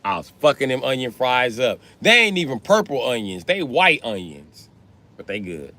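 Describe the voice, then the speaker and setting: A man chatting casually on a livestream, telling animated, profane stories with frequent laughter. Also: mid-range voice, moderate pace, a little hiss or hum.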